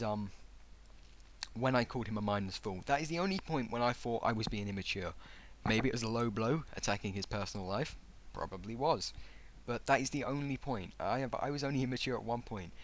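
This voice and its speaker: Young adult male vlogger, sarcastic, animated delivery with wide pitch swings. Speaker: vlogger reading out comments. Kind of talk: casual commentary on an online argument.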